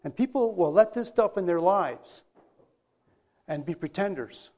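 Man, sermon, high voice, chatty, rhetorical questions. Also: animated, unhurried, a little mellow. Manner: conversational, asks rhetorical questions. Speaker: preacher.

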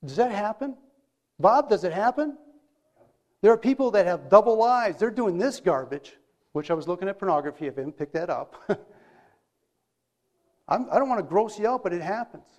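A man's voice: sits high, expressive, normal speed, long pauses. A man preaching a sermon in a conversational way, telling everyday stories and asking rhetorical questions.

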